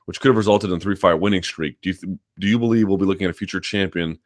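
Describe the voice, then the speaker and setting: Low-voiced man hosting a live chat. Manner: talks quickly and hedges, lots of ums and restarts; reads viewer questions aloud, then answers at length. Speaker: host. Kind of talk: live chat answering viewer questions.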